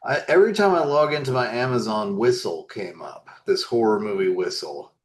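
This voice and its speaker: A man's voice: lowish voice, lively intonation, normal speed. A man co-hosting a podcast, talking in an easygoing way with short reactions and offhand movie opinions. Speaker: podcast co-host. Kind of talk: casual chat.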